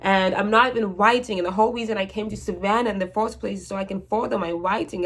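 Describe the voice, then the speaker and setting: A woman's voice: mid-range voice, steady tone, fast talker, hardly any pauses, fairly bright tone. A woman in her twenties talking to camera in a rambling, anxious casual monologue, with frank swearing and many restarts. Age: 20s. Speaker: vlogger.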